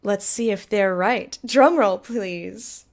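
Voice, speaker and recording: A woman's voice: mid-range voice, animated, takes it slowly. A woman streamer presenting a mock awards show in a hammy, theatrical way, teasing her co-host.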